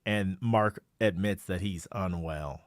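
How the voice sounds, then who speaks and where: A man with a lowish voice chats casually on a podcast, recapping scenes and reacting with easy laughs. The sound is dry and close to the mic. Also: takes it slowly, no room sound. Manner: laughs easily, plain recaps. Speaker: podcast co-host. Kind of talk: casual episode review chat.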